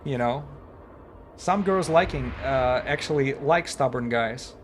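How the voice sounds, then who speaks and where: A man chatting casually on a live game stream, stopping and restarting often with plenty of fillers. His voice sits in a middle range, and a faint hum runs underneath. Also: mid-range voice. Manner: halting, with many fillers and restarts, chuckling.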